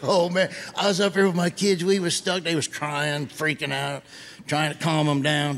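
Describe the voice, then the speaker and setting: A middle-aged man doing a stand-up routine in a folksy, deadpan storytelling drawl. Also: on the high side, normal speed, gravelly. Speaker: stand-up comedian. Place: comedy stage before a live audience. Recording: live stage recording with room noise.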